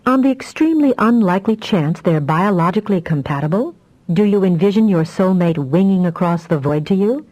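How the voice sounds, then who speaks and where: Woman reading as a soft-drawling male mentor. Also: medium pitch, brisk, muffled recording, natural voice. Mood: calm. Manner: soft drawl, calm and teasing. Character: patient older male telepath mentor.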